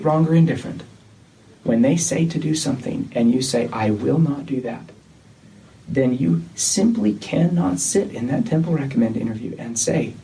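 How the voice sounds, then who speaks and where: A man leading a church disciplinary meeting, talking in a measured, insistent way that often repeats itself. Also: mid-range voice, dark tone. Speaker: church leader. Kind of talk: tense meeting conversation. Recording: distant mic with faint noise.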